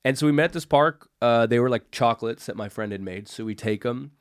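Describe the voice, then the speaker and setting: A man tells a story as a podcast guest, rambling and cursing as he goes. His voice sits at a middle pitch. It is recorded dry, with no room sound around it. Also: fast, clear, resonant tone, no room sound. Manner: rambling, full of "like" and swearing. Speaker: comedian guest.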